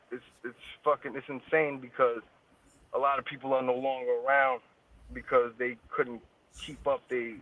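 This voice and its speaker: A man's voice: mid-range voice, no echo. A man as an interview guest, talking in casual street slang with heavy swearing. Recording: tinny phone-like line, dry.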